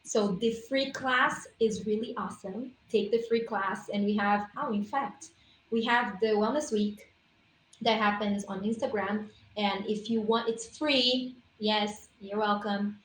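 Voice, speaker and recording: A woman's voice: mid-range voice, measured pace, echoey room, slight background noise, poor audio. A woman on a casual livestream, explaining essential oils in a persuasive, emphatic, informal way.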